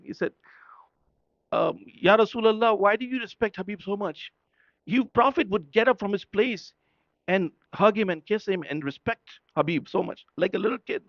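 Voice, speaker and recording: A man's voice: sits high, brisk, vocal fry, dry recording. A man whose first language is Urdu tells a story as a sermon at a religious gathering. He speaks conversationally and keeps checking in with his listeners. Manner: conversational, often checking in with the audience. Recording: dull, lo-fi, dry sound.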